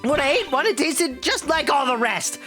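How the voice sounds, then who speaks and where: Read by a woman, a pushy old lady from a video game scolds and coos by turns. The voice is high and swoops all over, shrill when scolding and low when muttering. Game music plays faintly behind. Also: animated, normal speed, fairly bright tone. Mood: ranting. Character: nosy old woman, loud, bossy, smitten.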